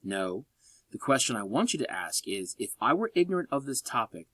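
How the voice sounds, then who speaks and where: Joking, animated college English instructor. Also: male voice, mid-range voice, brisk, no echo. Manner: lively, joking asides, sarcastic. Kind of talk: recorded lecture narration.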